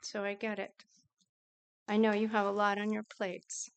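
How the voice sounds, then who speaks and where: A woman giving a prepared public comment at a meeting, measured and earnest. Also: mid-range voice, completely flat delivery, smooth. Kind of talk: prepared statement at a council meeting.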